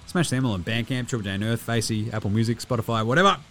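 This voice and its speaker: A man's voice: mid-range voice, expressive, fast, fairly bright tone, soft background music. A man with an Australian accent hosting a podcast, loose and chatty as he wraps up the show. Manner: loose and chatty, lots of fillers. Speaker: podcast host. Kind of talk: casual show wrap-up and ad reads.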